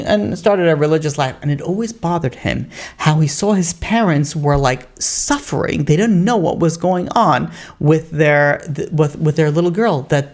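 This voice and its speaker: A man who is a rabbi, telling a story in a sermon in a loose, conversational way, with plenty of "you know" and "like" asides. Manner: gets louder and higher when quoting the story's characters.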